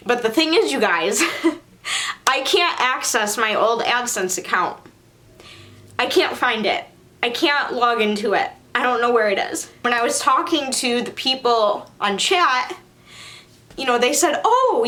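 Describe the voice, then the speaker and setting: A woman's voice: fairly high pitch, lively intonation, measured pace, pushed and bright. A young woman vlogging to her viewers while crying, upset and frustrated, often repeating herself. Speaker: YouTuber. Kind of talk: emotional vlog to camera.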